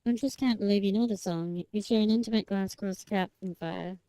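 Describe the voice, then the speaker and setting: Female streamer reading game text aloud; mellow and dry, self-conscious chatter, accent drifts. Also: mid-range voice, fairly quick, no room sound, low-quality recording. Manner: slips between accents when narrating.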